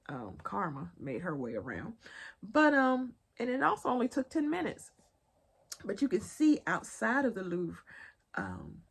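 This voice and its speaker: A young adult woman with a Southern accent, chatting casually through a pop-culture news recap and talking straight to her viewers. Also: fairly high pitch. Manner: chatty, laughing asides, addresses viewers as y'all. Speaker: vlogger.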